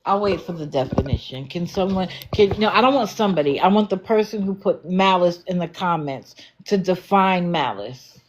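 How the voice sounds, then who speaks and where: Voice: mid-range voice, expressive, moderate pace, hardly any pauses. A livestream host talking back to viewers in the comments, challenging and sarcastic.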